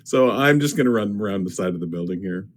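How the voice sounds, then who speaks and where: A man's voice: lowish voice, animated, fast. Chuckling man playing a tabletop game. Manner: chuckling, laughs between words. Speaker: player. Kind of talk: casual tabletop game chat.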